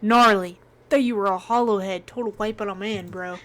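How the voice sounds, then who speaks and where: A woman's voice: mid-range voice, steady tone, normal speed, a bit bright, natural voice. A woman voicing a laid-back, upbeat surfer priest who talks in surfer slang, saying dude and bro at every turn. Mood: stoked.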